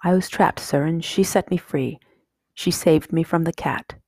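A woman voicing a polite, respectful male crow in a soft whispered role-play, husky in tone. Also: deep voice, unhurried, no echo, clean studio sound. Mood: earnest.

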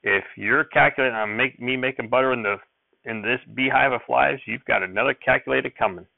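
A man voicing a peevish, sharp-tongued farm woman who makes tart retorts in country dialect. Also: mid-range voice, a little fast, gravelly, no echo, phone-quality sound, lightly acted.

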